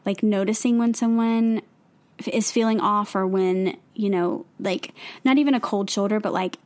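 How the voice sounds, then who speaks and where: A woman's voice: medium pitch, fairly even intonation, normal speed, a little mellow. Earnest woman chatting with many "like"s. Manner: earnest, heavy use of "like" fillers. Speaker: podcast co-host. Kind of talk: casual chat.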